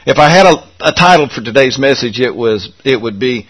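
A male pastor leading a prayer and opening his sermon with a folksy, halting personal story. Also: medium pitch, animated, fairly bright tone, breathy edge, rough recording.

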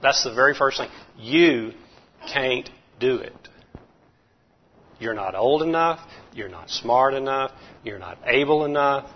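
A man preaching a folksy, animated sermon, chuckling as he goes. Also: mid-range voice, unhurried, long pauses. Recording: muffled lo-fi recording.

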